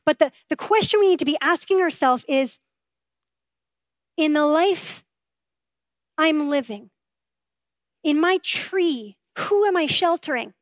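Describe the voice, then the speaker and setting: A woman's voice: high voice, animated, slow pace, long pauses, dry recording. A woman pastor giving a sermon in an earnest, conversational way, asking her listeners rhetorical questions.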